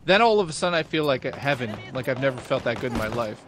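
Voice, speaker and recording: A man streaming a game who reads out donations and tells animated stories in casual chat, swearing freely. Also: mid-range voice, quick pace, background noise. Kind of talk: casual chat while gaming. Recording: game music loud underneath.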